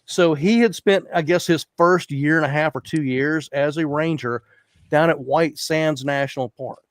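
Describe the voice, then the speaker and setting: A man's voice: a little high, normal speed, dry recording, studio quality. A man telling a story in a casual online chat, acting out the people he quotes. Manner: animated, acts out quoted people.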